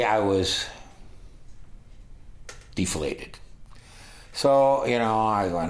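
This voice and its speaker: A man's voice: on the low side, lively intonation, slow pace, pauses often. A man in his sixties from Los Angeles casually telling a rambling story of his youth, putting on voices for the people he quotes. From Los Angeles, United States. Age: 60s. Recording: roomy echo.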